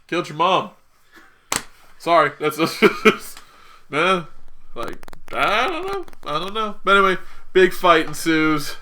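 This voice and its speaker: A man with a bright, forceful voice gives a loose, joking recap on a casual podcast. He rambles, restarts and breaks into quick voices for the characters. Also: sits high, sing-song. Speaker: podcast co-host. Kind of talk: casual chat.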